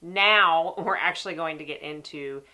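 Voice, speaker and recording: A woman's voice: low voice, normal speed, bright, forceful tone. A woman, stuffy-nosed from a cold, chatting casually to viewers while reviewing makeup. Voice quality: nasal. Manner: chatty, talks straight to viewers. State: stuffy nose from sinus cold. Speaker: makeup artist vlogger. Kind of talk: casual beauty review and demo.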